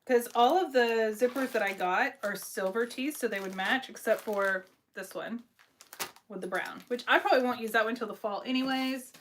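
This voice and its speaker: A woman's voice: fairly high pitch, moderate pace, slight background noise. A woman hosting a live craft stream, chatting casually about her sewing supplies, with lots of fillers. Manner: chatty, lots of fillers, reads viewer comments aloud. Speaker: craft livestream host.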